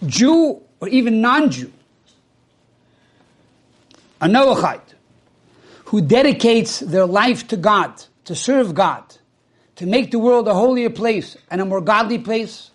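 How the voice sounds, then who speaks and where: High-voiced man telling an animated religious story. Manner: animated, acts out quoted speech with swings in pitch; uses Hebrew and Yiddish religious terms. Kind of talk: storytelling sermon.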